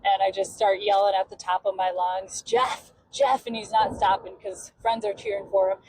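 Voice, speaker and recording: A woman's voice: mid-range voice, flat delivery, brisk, warm tone, poor audio. A woman hosting a podcast who tells a story in a loose, chatty way with many "um" fillers. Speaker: podcast host. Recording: clear background noise.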